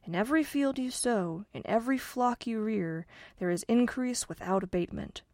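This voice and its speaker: A wise, patient godfather spirit giving measured advice, as a woman reading a fairy tale puts him on. The voice stays calm and steady. The room is dry. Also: a little high, dry recording, pitched above the performer's own voice. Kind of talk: storybook reading.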